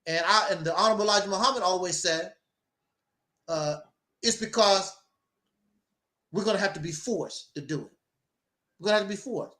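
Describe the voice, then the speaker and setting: High, bright-voiced preachy man. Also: normal speed, long pauses, roomy sound. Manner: preachy, emphatic, mocking asides. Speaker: host. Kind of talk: opinionated talk show monologue.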